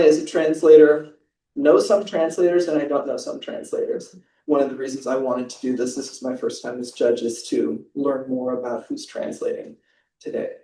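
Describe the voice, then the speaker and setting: A man's voice: fairly high pitch, mellow. A man presenting a translation prize, chatting informally and reading a passage aloud. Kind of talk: ceremony speech with a read-aloud excerpt. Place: library event hall. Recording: roomy, distant mic.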